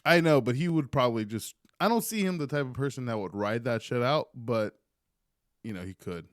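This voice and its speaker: Podcast dude, swoopy lively pitch, laughs a bunch, dry close mic. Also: male voice, fairly quick, dry recording. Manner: laughs often, lively banter. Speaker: podcast co-host. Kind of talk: casual sports chat.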